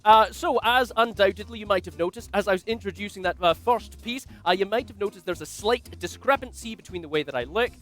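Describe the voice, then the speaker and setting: A man's voice: high-pitched, a little fast, few pauses, fairly bright tone, soft background music. A man from Scotland with a Glasgow accent, a magician delivering jokey, self-deprecating comic patter on a livestream from a home video call setup. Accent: Scottish, Glasgow.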